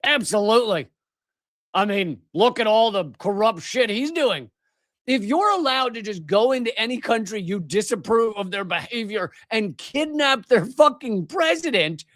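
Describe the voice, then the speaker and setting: Middle-aged male livestream host, furious profane rant, fairly high voice, dry close sound. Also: sing-song, normal speed, fairly bright tone, dry recording. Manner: angry, profane, emphatic with many restarts. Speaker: political commentary show host. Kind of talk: live-streamed ranting commentary.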